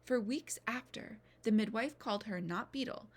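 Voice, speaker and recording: A woman reads a storybook chapter aloud in a mid-pitched voice, giving the scene lively expression. Now and then she drops to a hushed whisper for effect. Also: normal speed, slightly rough. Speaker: reader. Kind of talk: reading a novel aloud.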